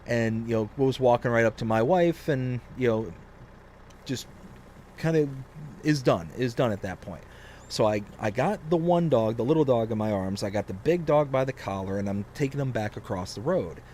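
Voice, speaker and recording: A young man casually telling a long story on a game live stream, rambling and animated, with lots of fillers. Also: medium pitch, moderate pace, a little hiss or hum.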